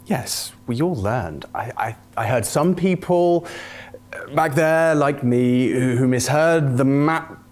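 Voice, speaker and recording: A man's voice: medium pitch, takes it slowly, darkish tone. A man hosting an esports comedy sketch, flustered and stammering as he talks. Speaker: esports broadcast host.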